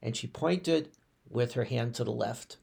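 A man's voice: mid-range voice, creaky, darkish tone, husky. A man, a rabbi telling personal stories on a podcast in a reflective way, often restarting his sentences. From United States. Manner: reflective, unhurried, with frequent restarts and fillers.

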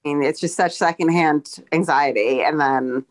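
A woman guest on a podcast, chatting casually in a relaxed, wry way. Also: low voice, normal speed. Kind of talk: casual chat.

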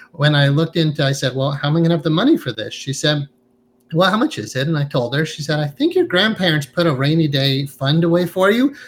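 A man being interviewed as a hypnotherapist, talking in an earnest, reflective way and often tagging his points with a questioning "right?". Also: a little high. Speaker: guest, hypnotherapist. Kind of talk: conversational interview.

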